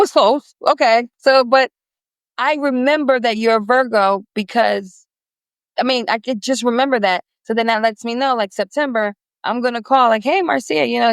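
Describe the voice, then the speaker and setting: A woman's voice: fairly high pitch, no room sound. A woman guest on a business podcast, chatting in a rambling, friendly way with many restarts. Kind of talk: casual interview chat.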